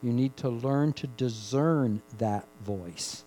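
A man preaching a sermon, rising to loud emphatic peaks and dropping to hushed, drawn-out phrases, repeating key words for emphasis. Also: on the high side, lively intonation, slight background noise, poor audio. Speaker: pastor.

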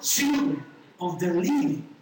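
A woman preaching a sermon, calling out her lines with emphatic rises in pitch. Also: very animated, unhurried, mellow, a little hiss or hum. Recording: echoey hall from far off.

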